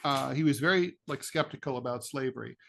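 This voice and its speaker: A man's voice: mid-range voice, a little fast, vocal fry, a bit bright. A middle-aged man co-hosting a political podcast, telling rambling stories with jokey asides in casual chat. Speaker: podcast co-host, political cartoonist.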